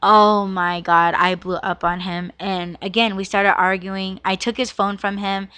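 Woman in her 30s venting on her podcast, bright voice, dry close mic, lots of "like". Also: mid-range voice, level tone, unhurried, clean tone, no room sound. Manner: rambling, emotional, swears a lot, fillers like "like" and "you know". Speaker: podcast host. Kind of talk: casual storytelling monologue.

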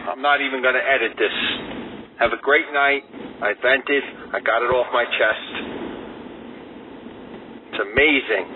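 A man leaving a ranting voice message for a podcast, telling a story in animated, shouty bursts. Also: medium pitch, far from the mic. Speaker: listener sending a voice message. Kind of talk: ranting voice memo. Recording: tinny phone-line voice memo with noise.

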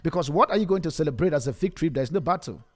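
A man's voice: on the high side, expressive, very fast. A man streaming an emotional sermon, pleading and repeating himself, often stumbling over his words in restarts. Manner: pleading, repetitive, stammering restarts. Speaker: preacher streaming a message.

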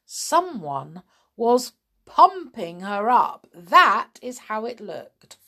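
A woman reading a children's story aloud with expressive, dramatic delivery. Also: mid-range voice, very slow.

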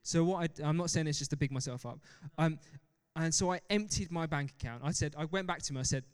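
A young man preaching a sermon with an animated, joking manner, often laughing at himself. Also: on the high side, quick pace, few pauses, smooth. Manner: animated, laughs often, self-deprecating asides. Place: church hall. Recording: long reverb of a large hall.

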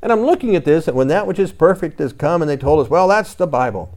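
A man's voice: fairly high pitch, expressive, quick pace, warm tone. A man preaching a conversational sermon, telling his own story and reading scripture aloud in old-fashioned wording. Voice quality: reads scripture in King James wording.

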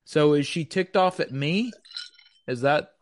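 A man's voice: on the high side, measured pace, no room sound, clean studio sound. A man hosting a casual chat from home over a video call, rambling and hesitant, with many fillers. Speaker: host.

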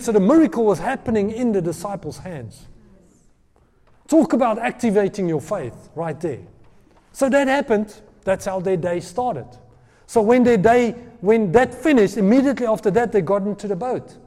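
Male preacher, high mellow voice, animated storyteller; reverberant hall. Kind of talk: sermon.

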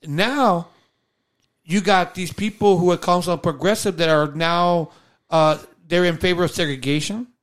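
A man's voice: sits high, fairly even intonation, moderate pace, a bit bright. A man co-hosting a podcast in a casual, exasperated rant with mocking asides. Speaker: podcast co-host. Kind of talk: casual ranting chat.

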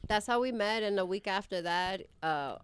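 A young woman tells a story in casual chat with friends. Her voice is smooth and clear, and she swears freely while acting out what others said. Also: mid-range voice, moderate pace. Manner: animated storyteller, quotes people, swears freely.

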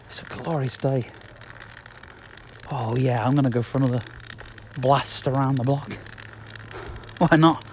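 A man's voice: mid-range voice, steady tone, a little slow, long pauses, a little mellow, slight background noise. Chatty man in his thirties. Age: 30s. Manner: chatty, meandering, repeats himself. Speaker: podcast host. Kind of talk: rambling casual monologue. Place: outdoors walking around the block.

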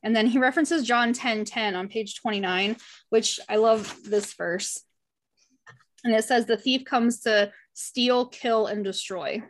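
A woman's voice: on the high side, measured pace. Earnest woman leading a Bible study. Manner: earnest and heartfelt, chatty with frequent "like". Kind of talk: casual Bible study discussion, reading passages aloud.

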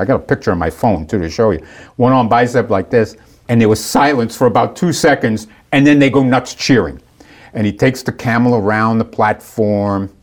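A man casually telling a long, animated story and acting out the people in it. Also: fairly low pitch. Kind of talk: casual anecdote.

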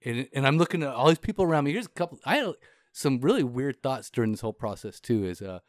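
A man's voice: medium pitch, expressive, quick pace, no room sound. A man co-hosts a podcast and tells a rambling story in the middle of his range, peppered with profanity, laughs, "you know" and restarts. The recording is close and dry, with no room sound. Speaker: podcast co-host.

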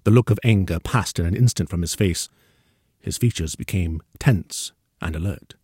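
A man reading a story aloud as narrator in a measured, even way. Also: low voice, husky, dry recording, clean studio sound.

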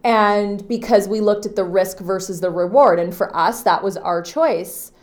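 A woman in her thirties hosting a podcast, talking earnestly and from the heart about a personal experience, often pausing on "you know" and restarting her sentences. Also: medium pitch. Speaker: podcast host. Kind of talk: personal reflective monologue.

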